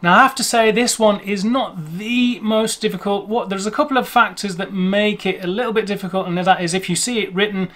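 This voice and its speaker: Rambling and self-correcting, an English language-video host talks to the camera about how to pronounce things. He has a high, slightly bright voice with fairly even intonation, speaking fairly quickly with few pauses.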